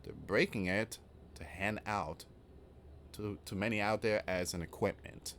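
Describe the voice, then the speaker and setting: A man with a somewhat low voice hosts his own online news channel. He reads out the reports and then talks them over in a loose, rambling, casual way. A faint hiss sits under the recording. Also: a little slow, fairly bright tone.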